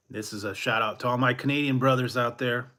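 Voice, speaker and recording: Male streamer, casual and rambling, bright crisp tone, playful. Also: mid-range voice. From Central California. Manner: rambling, chuckling, plays up a mock Canadian eh. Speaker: food review streamer. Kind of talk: casual live-stream chat.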